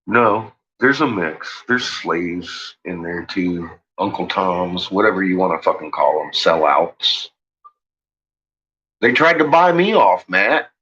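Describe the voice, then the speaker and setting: Husky-voiced man, profane rambling rant, dull lo-fi sound. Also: low voice, expressive, takes it slowly. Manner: profane, ranting, shouts in retold quotes. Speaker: host. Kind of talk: rambling late-night monologue.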